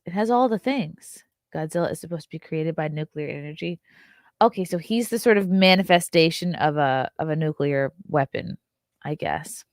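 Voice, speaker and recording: A woman giving a casual, joking movie review, acting out the characters' lines in quick little voices. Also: lowish voice, no room sound, clean studio sound. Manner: animated, jokey, acts out voices of characters.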